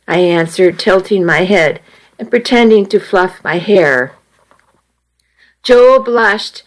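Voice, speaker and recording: A woman reading a first-person story aloud in a soft, measured way. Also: mid-range voice, poor audio. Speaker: audiobook reader.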